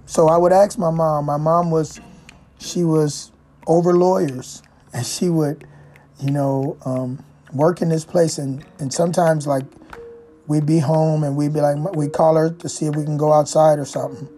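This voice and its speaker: A woman telling a reflective personal story in a rambling way, often pausing on "you know" and restarting her sentences. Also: sits low, steady tone, mellow, soft background music. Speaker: speaker sharing life story.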